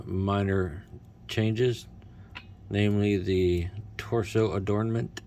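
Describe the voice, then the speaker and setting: A man's voice: deep voice, creaky, a little mellow, a little hiss or hum. A man doing casual unboxing commentary as a toy reviewer, with wry, self-mocking asides.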